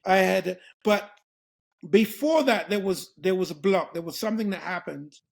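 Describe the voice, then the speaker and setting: A man's voice: sits high, normal speed, vocal fry. A middle-aged man from England, a guest telling a story in a casual interview, laughing often and acting out the voices of the people in it. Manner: animated, laughing, acts out voices.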